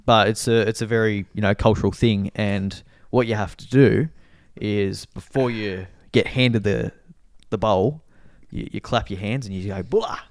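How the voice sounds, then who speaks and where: A man's voice: fairly low pitch, fairly even intonation, normal speed, few pauses, dry recording, studio quality. A man, co-hosting a casual podcast chat, easygoing and often repeating words as he talks. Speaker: podcast co-host.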